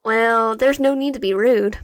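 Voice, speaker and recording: A curt, snippy young woman from a visual novel talks down to her twin, read by a woman with a fairly high voice. Her lines come out short and rude, and the recording is dry and close. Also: unhurried, dry recording, close to an everyday voice.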